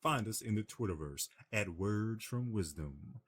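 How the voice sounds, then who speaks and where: Animated low-voiced male podcast host. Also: measured pace. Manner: animated, acts out movie lines loudly. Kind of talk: casual podcast banter.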